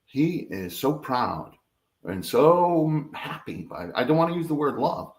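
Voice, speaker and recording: A middle-aged man, an interview guest, telling a story in an animated way and acting out the dialogue. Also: a little high, a little slow. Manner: lively, laughing, acts out quoted dialogue.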